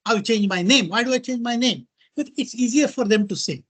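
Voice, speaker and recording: Man, middle-aged, Indian accent, husky, animated talk to an audience, mixes in Hindi. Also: very high-pitched, brisk. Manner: animated, mixes Hindi into English, repeats "right?" and "okay?". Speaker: guest speaker.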